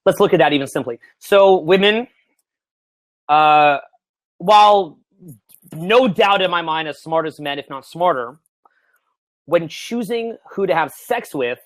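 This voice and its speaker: A man's voice: high voice, animated, fairly quick, dry recording. A man in his thirties, a dating coach, talking loosely and animatedly to camera, swearing freely and laughing often. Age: 30s. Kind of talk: casual coaching talk to camera. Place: small indoor room, seated.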